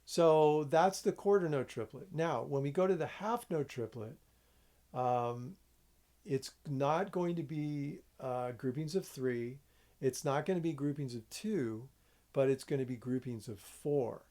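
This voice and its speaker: A man with a gravelly edge to his voice teaches a rhythm lesson at an easy pace. He walks his students through each step and counts out loud, stopping often to check that they follow. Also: on the high side, measured pace. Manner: relaxed, explains step by step, checks in with "okay?". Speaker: music teacher.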